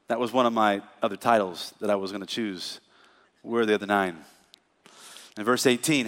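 A pastor preaching a sermon in a conversational style that climbs into emphatic, rising bursts. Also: male voice, medium pitch, animated, brisk, a bit bright, big-room sound.

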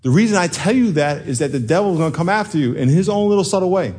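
Husky-voiced preacher who swings to yelling. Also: male voice, sits high, expressive, fast, few pauses. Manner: preachy, swings from soft to yelling, laughs between lines. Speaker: pastor. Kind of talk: sermon.

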